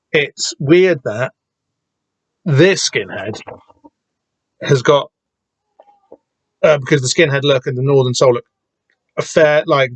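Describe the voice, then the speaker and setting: A man's voice: mid-range voice, husky, no echo. Hesitant man with a dry voice. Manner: hesitant, lots of restarts and casual swearing. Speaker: podcast host discussing a comic. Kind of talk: casual rambling commentary.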